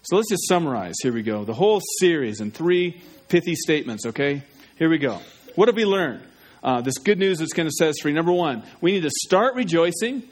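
Male pastor, slightly high voice, urgent and pleading evangelistic sermon. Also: animated, fairly quick. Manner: urgent, pleading, asks listeners questions.

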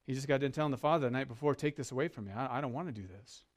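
With a mid-range voice that races along, a man delivers a sermon as pastor. He is earnest and guides the congregation to repeat phrases with him in call-and-response.

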